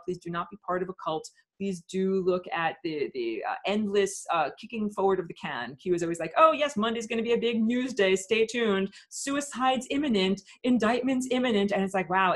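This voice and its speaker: A woman teaching a live webinar, talking in an emphatic, impassioned rant with many pauses and fillers. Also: on the low side.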